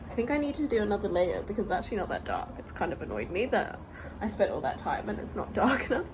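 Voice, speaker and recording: Chatty young British woman, lively. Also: medium pitch, fast, slight background noise, low-quality recording. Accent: British English. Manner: chatty, rambling storyteller with frequent fillers. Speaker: vlogger. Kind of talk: casual chat vlog. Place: home, on a balcony.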